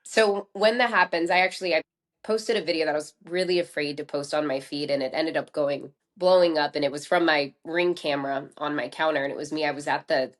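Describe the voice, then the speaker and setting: A woman's voice: low voice, steady tone, brisk. A woman speaking openly and earnestly as a podcast guest, now and then fighting back tears. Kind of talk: candid conversational interview.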